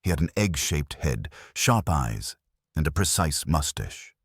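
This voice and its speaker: Deep husky guy narrating a detective story, dry and matter-of-fact, lively delivery. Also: a little slow, no room sound. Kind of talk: scripted first-person narration.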